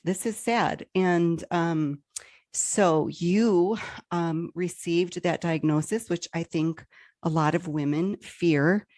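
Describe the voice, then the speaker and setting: A woman's voice: fairly low pitch, takes it slowly, darkish tone, no echo, studio quality. A woman podcast host interviewing a guest, reading figures aloud hesitantly with many fillers.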